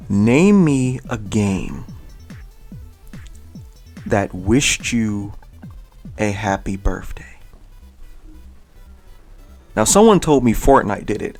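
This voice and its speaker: Slangy, animated young male gaming host. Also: lowish voice. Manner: slangy, lively, restarts and repeats words for emphasis. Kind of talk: casual enthusiastic storytelling to camera.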